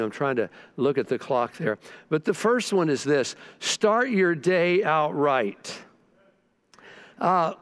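A male pastor preaches with lively, animated delivery. His voice sits a little high for a man, and he stumbles over restarts before breaking into fervent, rising declarations. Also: clear, resonant tone. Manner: animated storytelling with repeated restarts, bursts of fervor. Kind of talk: sermon.

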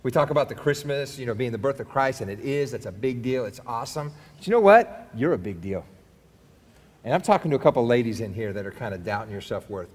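A man's voice: medium pitch, fast, hardly any pauses, a little mellow, in a large hall. A man preaching a sermon in a conversational, rambling way with many restarts. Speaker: pastor.

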